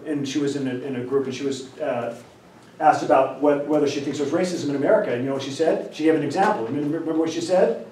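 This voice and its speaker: A man lecturing and telling a story, acting out the dialogue, often clearing his throat. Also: a little high. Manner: animated, acts out dialogue, frequent throat clearing. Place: lecture room. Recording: roomy lecture hall from far off.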